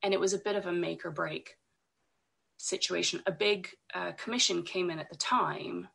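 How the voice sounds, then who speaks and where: A woman, croaky from a cold, talking as a podcast guest, hesitant, with many ums and restarts. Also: on the low side, normal speed, a bit bright. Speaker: podcast guest, illustrator and designer. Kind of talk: casual interview talk.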